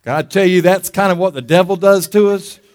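A man preaching a sermon as pastor, lively and calling for amens from the church. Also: sits high, brisk, in a large hall.

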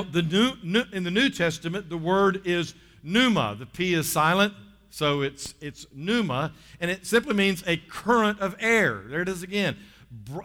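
A man's voice: high-pitched, pushed and bright. A man with a Southern US accent preaching a sermon, emphatic, stretching key words and calling on the congregation to respond. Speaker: pastor. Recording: reverberant hall sound.

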